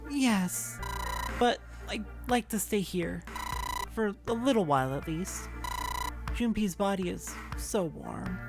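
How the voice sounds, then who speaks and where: A narrator voicing a terrified young woman who screams and pleads in a high, breaking voice while reading a visual novel aloud. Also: animated, slow pace, over music. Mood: tearful.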